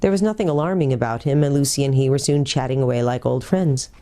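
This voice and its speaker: A woman pastor reading a children's book aloud in a clear, steady storytelling manner. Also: rumbling low, quick pace.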